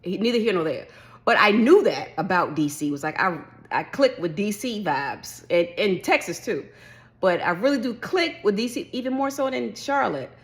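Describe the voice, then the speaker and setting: A woman vlogger chatting casually about a solo trip, telling the story with lively acted-out reactions. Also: mid-range voice, normal speed. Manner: animated storytelling, acts out her own past reactions. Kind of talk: casual chat.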